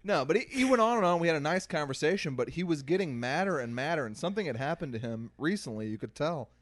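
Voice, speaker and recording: A man's voice: fairly high pitch, sing-song, quick pace, no room sound. A man co-hosting a podcast, telling stories in an exasperated, casual way. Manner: storytelling, exasperated. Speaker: podcast co-host. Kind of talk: casual chat.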